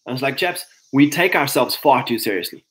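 A man's voice: mid-range voice, animated, fairly quick, a bit bright, rough recording. A man giving a casual motivational talk to other men, conversational, often repeating himself and acting out little quoted lines. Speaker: speaker addressing men.

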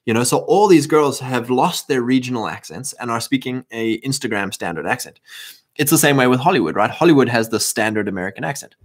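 A man's voice: medium pitch, animated, fairly quick, husky. South african guy ranting to his stream, kinda preachy, stops and restarts a lot, bit of a cough left over. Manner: fervent, rambling, many restarts. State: lingering cough. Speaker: livestream host. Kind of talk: casual preachy monologue.

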